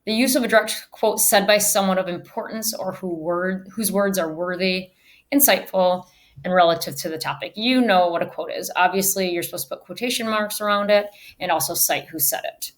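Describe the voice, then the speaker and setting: A speech teacher gives a recorded virtual lecture on public speaking in a mid-range voice, talking a little fast. She's emphatic and shifts her delivery to demonstrate how things should be said.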